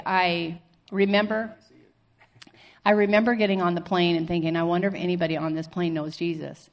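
A woman sharing her personal faith testimony, earnestly retelling events with quoted dialogue. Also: lowish voice. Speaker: testimony speaker.

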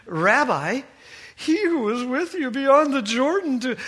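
A man voicing jealous male disciples in a whiny, nagging tone, high and strained, during a sermon. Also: very animated, unhurried, fairly bright tone, slightly rough, full character voice. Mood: whining.

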